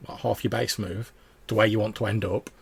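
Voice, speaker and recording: A man with a low, husky voice narrating a tabletop game as its game master. His narration is loose and casual, full of fillers. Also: fairly even intonation, a little fast.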